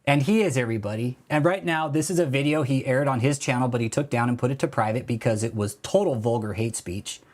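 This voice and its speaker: A man's voice: medium pitch, fast, hardly any pauses. A man hosting a casual livestream, talking in a profane, mocking way, laughing and calling people bro. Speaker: livestream host.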